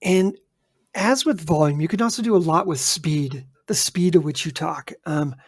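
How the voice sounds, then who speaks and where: A man's voice: fairly high pitch, moderate pace, breathy edge, no echo, clean studio sound. A man co-hosting a podcast in casual chat, emphatic and addressing listeners directly. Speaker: podcast co-host.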